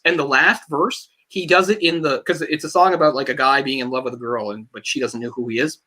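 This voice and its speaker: A man co-hosting a casual movie discussion podcast, a singer with a tenor voice, talking in a rambling, animated way full of fillers. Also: mid-range voice, a little fast, breathy edge. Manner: rambling, animated, heavy use of "like"; tenor speaking voice from a trained singer. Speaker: podcast co-host. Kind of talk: casual film discussion chat.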